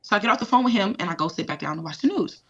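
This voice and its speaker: A woman recovering from a cold, telling her story in an interview with lively animation. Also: mid-range voice, rapid-fire, breathy edge. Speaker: interviewee recounting her release. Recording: dull, lo-fi clip.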